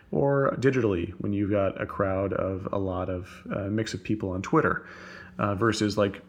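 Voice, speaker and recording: A man in a relaxed conversation as a podcast guest, speaking fast with many fillers and restarts over a video call. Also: lowish voice, slightly rough. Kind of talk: casual conversation. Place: home office on a video call.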